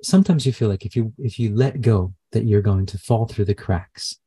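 A man channeler in a live session, speaking haltingly with many fillers and restarts. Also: on the low side, warm tone, breathy edge, dry recording.

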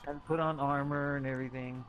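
A man's voice: mid-range voice, level tone, fairly quick, fairly bright tone. A man gaming with friends, reminding his teammates to buy armor and checking if they're ready. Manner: organizing, reminding others. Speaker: gamer. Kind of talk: casual gaming chat.

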